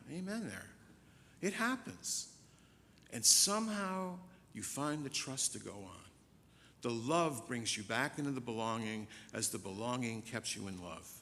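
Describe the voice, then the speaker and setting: A man minister preaching a sermon and telling a story, shifting between soft, slow passages and loud, fast ones. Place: church sanctuary. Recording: church hall reverb, faint rumble.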